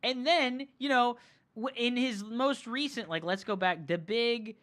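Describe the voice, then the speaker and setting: A man's voice: very high-pitched, unhurried, a bit bright. A male game streamer telling a story in a heated, profane rant, full of "like" and "right?". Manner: fillers like "like" and "right?". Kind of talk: ranting storytime chat.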